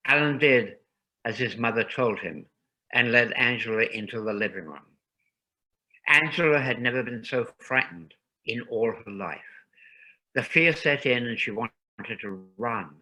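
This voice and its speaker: A man reading a ghost story aloud in a calm, measured narration. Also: mid-range voice, low-quality recording.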